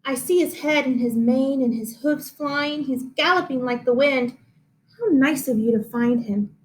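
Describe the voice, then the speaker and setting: A woman's voice: high voice, a little slow. A woman voicing a plodding, whiny male horse who snorts as he talks. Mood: pleased. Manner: whining and snorting.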